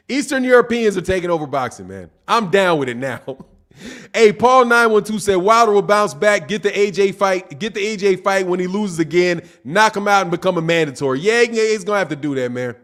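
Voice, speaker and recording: A man with a high, lively voice hosts a boxing live stream. He reads viewer comments aloud and fires back at them, teasing and combative, dropping "man" and "dog" at the end of his lines. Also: moderate pace. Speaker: boxing channel host.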